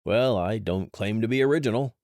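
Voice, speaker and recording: A man voicing a cheery, wisecracking male adventurer guide who jokes with quick comebacks. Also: on the low side, animated, darkish tone, no room sound, clean studio sound, voice pushed up. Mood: wry.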